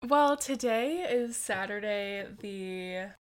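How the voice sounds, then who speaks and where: A woman's voice: mid-range voice, slow. A young American woman co-hosting a podcast, telling stories in a chatty, wry way. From United States. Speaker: podcast co-host. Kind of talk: casual chat.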